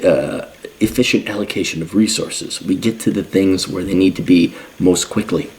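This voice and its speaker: A man's voice: deep voice, expressive, normal speed, a little mellow. A middle-aged man giving a sarcastic, mocking commentary rant while reading and reacting to an article. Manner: sarcastic, mocking, with mimicking asides. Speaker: commentary host. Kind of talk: ranting commentary.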